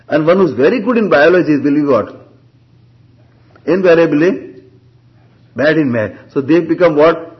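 A man gives a classroom scripture lecture in a slightly raised voice. He keeps throwing rhetorical questions at the class and answering them himself. The lecture recording sounds dull and lo-fi. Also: fairly high pitch. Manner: slow, deliberate reading of Sanskrit terms. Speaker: Vedanta and Sanskrit teacher.

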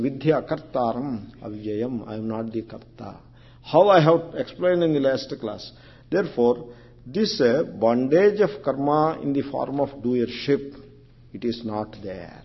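A man's voice: medium pitch, lively intonation, measured pace, husky. A man teaching a scriptural lecture class, explaining terms one by one and often repeating or restarting his phrases. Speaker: spiritual teacher. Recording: dull lo-fi recording.

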